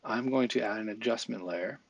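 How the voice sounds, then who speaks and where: A man with a low, gravelly, slightly husky voice walks through a visual effects tutorial. He talks casually and thinks aloud, with fillers and quick asides as he clicks around. The sound is dry and close. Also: no room sound. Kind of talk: screen-recorded software tutorial.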